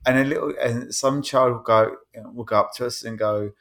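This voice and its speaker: A podcast panelist with a medium-pitched voice and moderate pace rambles through an anecdote in casual conversation. He retells it animatedly, acting out the quotes in different voices.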